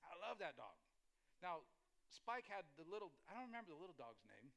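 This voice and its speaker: A male pastor preaching a sermon in a conversational, emphatic way, with lively asides to the congregation. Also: high-pitched, a little fast, creaky.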